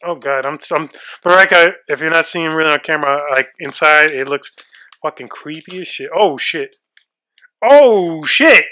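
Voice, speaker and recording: A man's voice: a little high, fairly even intonation, normal speed, pushed and bright. A young man co-hosting a casual podcast chat, nervous and shaky, swearing freely as he frets aloud. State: shaky and freaked out. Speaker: podcast co-host.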